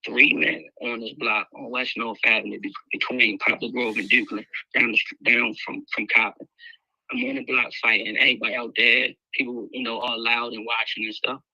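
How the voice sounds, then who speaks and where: Man, candid emotional storytelling, tense bright voice, dry close sound. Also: medium pitch, fairly even intonation, fairly quick, vocal fry, no echo, rough recording. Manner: candid, emotional, loose with fillers. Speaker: guest speaker sharing his life story. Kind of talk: personal storytelling.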